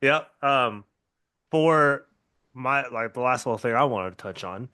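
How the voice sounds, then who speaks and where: A man's voice: medium pitch, animated, measured pace, pushed and bright, dry recording, studio quality. Man with a Californian and Northwest accent. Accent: Southern Californian and Pacific Northwest blend. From US West Coast. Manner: hesitant, restarts often, laughs easily. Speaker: podcast host. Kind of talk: casual podcast conversation.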